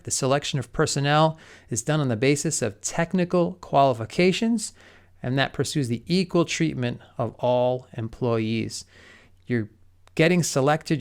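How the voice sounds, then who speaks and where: A man's voice: mid-range voice, creaky, clear, resonant tone. A middle-aged man giving an explanatory lecture, working methodically through numbered points with everyday examples.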